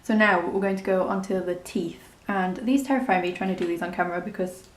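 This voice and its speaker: A woman with a lowish voice and a steady tone talks a little fast in a reverberant space. She narrates a casual step-by-step makeup tutorial, chatty and rambling, often poking fun at herself.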